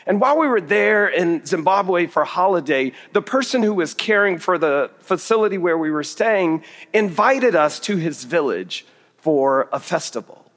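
A middle-aged male preacher with a fairly high voice, spinning a story with wry, self-deprecating humor. His words carry a long echo through a large hall. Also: animated, moderate pace, a bit bright. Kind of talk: storytelling sermon. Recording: reverberant hall.

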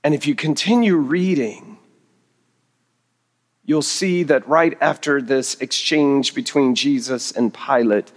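Preacher telling stories in a big echoing hall. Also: male voice, medium pitch, slow. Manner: humorous, self-deprecating storytelling. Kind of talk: storytelling sermon. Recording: reverberant hall.

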